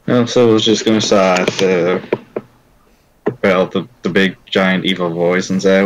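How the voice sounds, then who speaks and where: A man with a very deep voice plays in a tabletop role-playing game. He talks hesitantly and rambles, often restarting his sentences as he feels his way through his character's words. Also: level tone, unhurried, a little hiss or hum, low-quality recording. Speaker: player. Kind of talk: casual tabletop role-play.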